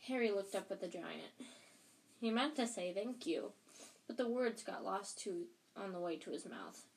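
A woman's voice: medium pitch, animated, moderate pace, creaky. A woman reading a children's novel aloud for her podcast, in a plain, unpolished style with frequent restarts. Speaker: audiobook reader and podcast host. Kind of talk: casual audiobook reading.

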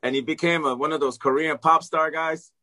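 A man telling a long story in casual chat, animated and swearing freely. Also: on the high side, fairly quick. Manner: animated, swears freely, acts out quoted dialogue.

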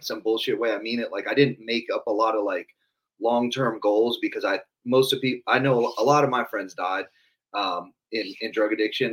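An earnest man answers an interview question in a candid, reflective way. He often breaks off and restarts his sentences. His voice sits at an ordinary middle pitch. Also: fairly bright tone, low-quality recording.

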